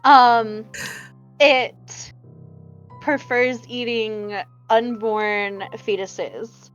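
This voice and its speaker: A woman's voice: fairly high pitch, steady tone, extremely slow, a bit bright, clean tone, highs cut off, faint music behind. A young woman co-hosting a casual podcast, hesitant and full of likes and ums. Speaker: podcast co-host.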